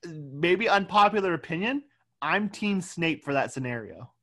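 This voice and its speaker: A podcast co-host talks at length in casual chat, walking through scenes and often restarting sentences. The voice sits at an ordinary middle pitch. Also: lively intonation, normal speed, a bit bright. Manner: talkative, recaps scenes, frequent restarts.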